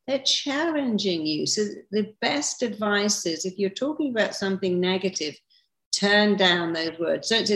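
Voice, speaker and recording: A woman's voice: mid-range voice, animated, unhurried, fairly bright tone. A middle-aged woman speaking in a podcast conversation, emphatic, acting out the people she quotes. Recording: roomy echo.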